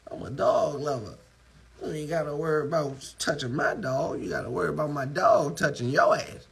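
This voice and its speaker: A man's voice: a little high, moderate pace, gravelly, a little hiss or hum, poor audio. A man on a live phone stream, talking loosely with lots of profanity while his dogs are around. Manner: loose, profane street talk. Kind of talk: casual live-stream talk.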